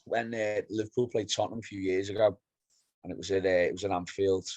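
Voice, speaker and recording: Man, low voice, dry sound; casual podcast co-host who tells animated fan stories. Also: fast talker, no room sound, low-quality recording. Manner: animated storyteller, acts out pub exchanges. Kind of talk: casual football chat.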